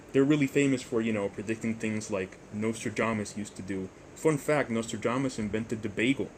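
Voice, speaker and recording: A young man hosting a storytime vlog, rambling and jokey, with deadpan asides. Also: mid-range voice, a little hiss or hum. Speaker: YouTuber storyteller.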